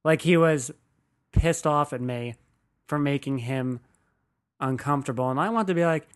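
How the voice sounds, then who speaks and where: A man's voice: medium pitch, normal speed. A young man hosting his own podcast, rambling through stories in a casual, profane and self-deprecating way. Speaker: podcast host. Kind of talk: casual comedic monologue.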